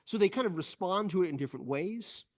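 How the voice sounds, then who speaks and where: A man with a somewhat high voice speaks as a guest historian, answering questions after a lecture. He explains in an eager, detailed way. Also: expressive, fast talker. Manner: explanatory, thoughtful, enthusiastic about details. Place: event room with in-person and online audience.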